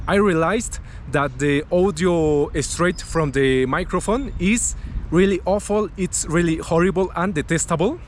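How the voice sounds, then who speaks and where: Mexican man, second-language English, earnest city-walk vlogger, phone mic with light street noise. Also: high-pitched. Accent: Mexican Spanish. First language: Spanish. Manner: earnest, searching for words with restarts. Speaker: travel vlogger. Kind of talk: walking vlog, learner's English. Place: outdoors in a city park and along a busy avenue. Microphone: smartphone mic, then a clip-on wireless mic.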